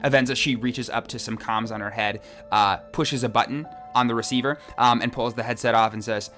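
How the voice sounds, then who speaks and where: A man's voice: mid-range voice, steady tone, fairly quick, hardly any pauses, bright, forceful tone, soft background music. A man narrating as game master of a tabletop game, rambling and descriptive with many restarts.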